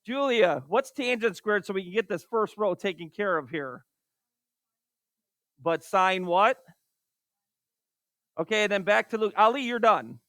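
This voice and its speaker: A man's voice: sits high, expressive, a little slow, long pauses, a bit bright, no echo. A man teaching a math class, calling on students by name and exasperated by wrong answers. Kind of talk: classroom lecture.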